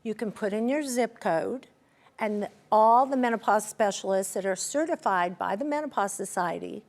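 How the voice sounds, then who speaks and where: A middle-aged woman guest in a conversational interview, talking expressively and acting out quoted dialogue. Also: normal speed. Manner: expressive, acts out quoted dialogue with pitch jumps. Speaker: interview guest, menopause advocate.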